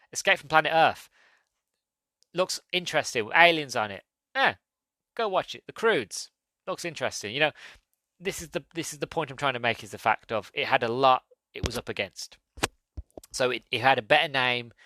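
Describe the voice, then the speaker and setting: A man's voice: mid-range voice, sharp tone, no room sound. A man hosting a podcast, rambling through a casual solo movie review with frequent self-corrections. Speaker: podcast host.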